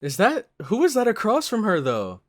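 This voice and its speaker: A reaction channel host giving casual live commentary on an anime, with excitable gasps and exclamatory outbursts. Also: medium pitch, moderate pace.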